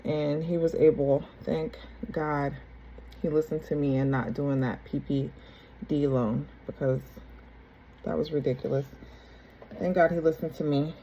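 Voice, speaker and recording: A woman's voice: deep voice, steady tone, unhurried, long pauses, mellow, slight background noise, low-quality recording. A young adult woman telling her own story to her viewers in a loose, rambling way, repeating herself and restarting her sentences. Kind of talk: casual personal storytelling to camera.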